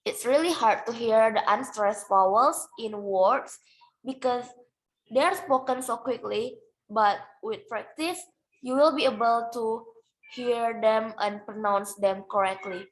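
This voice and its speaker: Young woman, student presenter, non-native speaker, hesitant, slow. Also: on the high side, rough recording. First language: Indonesian. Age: young adult. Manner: hesitant, many fillers. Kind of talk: class presentation.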